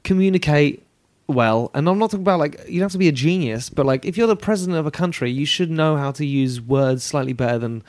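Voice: mid-range voice, fast, few pauses, no echo. A British speaker who once had a London accent, chatting casually as a co-host and swearing freely. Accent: British, formerly London. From England. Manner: chatty, swears freely, animated voices for quoted people. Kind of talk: casual chat.

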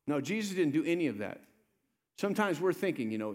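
Here the pastor talks quickly, his voice slightly high, as he delivers a lively sermon. He gives voice to the people in the story and urges his congregation to answer back.

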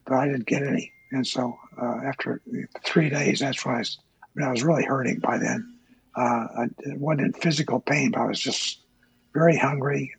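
An older man with a deeply gravelly, husky voice recalls his past in a slow, halting way, full of pauses and fillers. The sound is close and dry. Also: dry recording, rough recording. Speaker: interviewee, former Navy pilot. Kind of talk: oral history interview.

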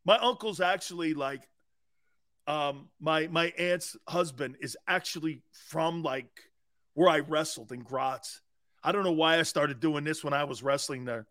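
A middle-aged man hosting a sports talk show, rambling loudly with frequent laughs between topics. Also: a little high, normal speed, no room sound, studio quality. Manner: loud, laughing, rambling banter. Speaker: sports radio host.

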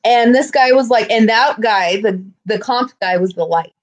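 Woman, high voice, casual podcast chat, blunt and profane, animated storyteller. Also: normal speed. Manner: blunt, swears freely, animated retelling.

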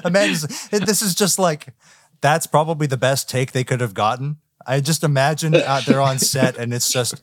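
A man co-hosting a casual movie review chat, animated and mocking. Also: medium pitch, moderate pace, no room sound, studio quality. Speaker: podcast co-host.

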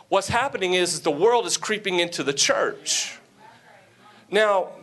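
Southern male guest pastor, slightly high voice, folksy sermon delivery with jokes and emphatic peaks. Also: a bit bright. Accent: Southern American. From American South. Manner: folksy, joking asides, rising to emphatic preaching. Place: church sanctuary before a congregation.

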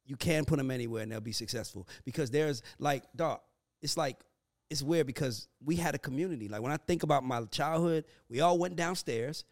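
A man chatting casually on a podcast, rambling quickly through his points. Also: mid-range voice. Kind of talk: casual chat.

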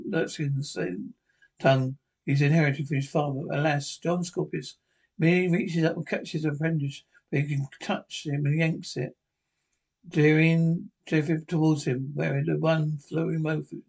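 A man with a somewhat high speaking voice retells a TV episode scene by scene for a podcast. His reading is halting, with frequent restarts. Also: level tone, gravelly, darkish tone, husky, rough recording. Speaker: podcast narrator.

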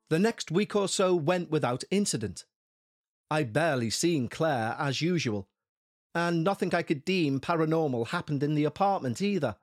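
A man narrating a first-person paranormal story in a scripted, tense delivery. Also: fairly high pitch.

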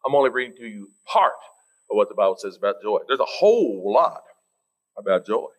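A man preaching a sermon, teasing his listeners and climbing high in pitch for emphasis, then slowing right down to read scripture. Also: big pitch swings, poor audio. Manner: reads scripture slowly and deliberately.

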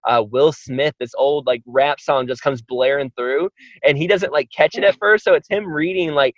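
A man's voice: a little high, normal speed, dry recording, muffled recording. A man talking casually as a guest on a podcast, an enthusiastic and chatty storyteller.

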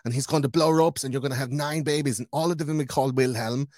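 A man's voice: medium pitch, very fast, a little mellow, dry recording, studio quality, pitched above the performer's own voice, natural voice. A man putting on a smug, sing-song voice for a mocking royal relative.

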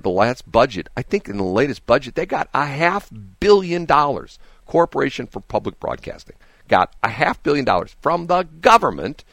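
A man hosting a radio talk show, talking with a gravelly edge and a voice that swings up and down a lot. The sound is dry and close to the mic, as he rants through his opinions. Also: mid-range voice, no echo. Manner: animated, mocking imitations of others. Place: radio studio.

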